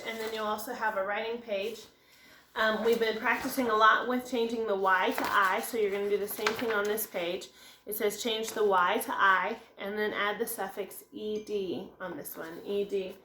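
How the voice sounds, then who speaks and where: A woman's voice: medium pitch, a bit bright, slight background noise. A woman teacher giving a recorded phonics lesson, explaining step by step and answering her own questions. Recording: echoey room.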